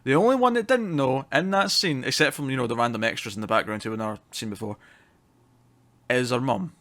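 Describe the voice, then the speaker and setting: An animated man co-hosting a laid-back TV review. He talks with plenty of energy and casual swearing. He laughs often at what he describes. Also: medium pitch, brisk. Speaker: co-host.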